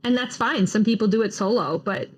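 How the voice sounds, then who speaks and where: A woman's voice: medium pitch, a little fast, breathy edge. A woman hosting a podcast about running, chatty and upbeat, laughing easily and giving practical tips to listeners. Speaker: podcast host. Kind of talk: casual podcast conversation.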